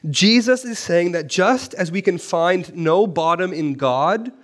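A man preaching a sermon in a church, animated, asking rhetorical questions and repeating phrases for emphasis. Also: high-pitched, unhurried. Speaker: pastor.

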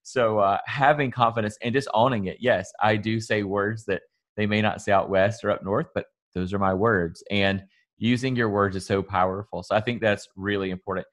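A man's voice: on the low side, fairly even intonation, moderate pace. Southern US man, podcast guest, salon owner who speaks on stages; earnest, motivational, loose delivery. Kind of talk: casual podcast interview.

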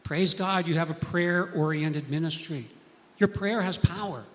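A man's voice: a little high, a little slow, a bit bright, long reverb tail. A man preaching a sermon, telling stories earnestly and acting out the people he quotes.

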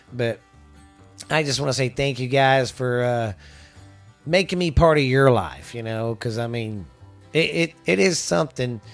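A man from Texas hosting a casual podcast, rambling, swearing and restarting sentences. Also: medium pitch. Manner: rambling, profane, restarts often. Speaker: podcast host.

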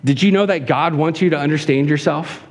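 A man's voice: on the high side, fairly quick. A man preaching a sermon as a pastor, earnest and full of rhetorical questions. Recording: hall reverb.

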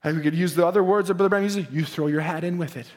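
A male preacher delivering a sermon, swinging from shouted, singsong lines to quiet asides. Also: high-pitched, steady tone, very fast.

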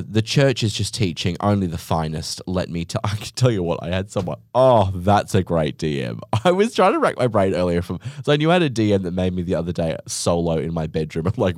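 A man's voice: low voice, a little mellow, no room sound, studio quality. A young man hosting a podcast, ranting comically with sarcasm, exaggeration and swearing. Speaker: podcast host. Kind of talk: comedic monologue rant.

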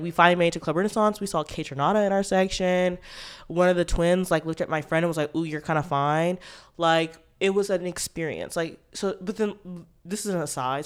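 A young man telling a long story to camera in casual vlog chat, animated and full of "like" fillers. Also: fairly high pitch, clear, resonant tone. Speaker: vlogger.

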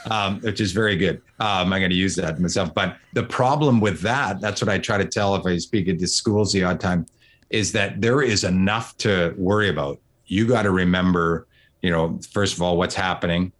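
Brief: deep-voiced middle-aged man, sportscaster guest, talkative and earnest, casual tone. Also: a bit bright. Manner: earnest, talkative, quick to restart phrases. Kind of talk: casual conversation.

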